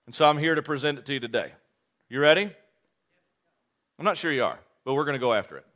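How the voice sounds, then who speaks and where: A male pastor preaching a sermon, animated and joking at his own expense, often restarting his phrases. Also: medium pitch. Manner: animated, joking, self-deprecating, with quick restarts.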